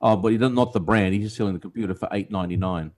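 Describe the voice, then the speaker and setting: A man's voice: on the low side, racing, darkish tone, a little hiss or hum. A man, chatting casually and teasing his co-host with jokey banter. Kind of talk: casual chat.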